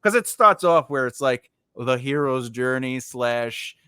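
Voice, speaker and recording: A man's voice: mid-range voice, lively intonation, measured pace, sharp tone, smooth, no room sound, studio quality. A man hosting a casual chat over a video call, telling rambling stories full of fillers and restarts. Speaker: podcast host.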